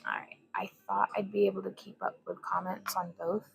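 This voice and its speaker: Speaking fairly quickly in a creaky, mid-range voice with little pitch movement, a young woman greets viewers and rambles during a relaxed glass bead demonstration at her home workbench. The recording is rough, with soft background music.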